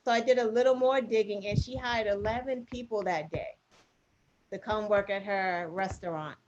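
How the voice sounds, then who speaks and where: A woman co-host chatting casually, retelling a story in an animated, filler-heavy way. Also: mid-range voice, moderate pace, slight background noise. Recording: muffled lo-fi audio.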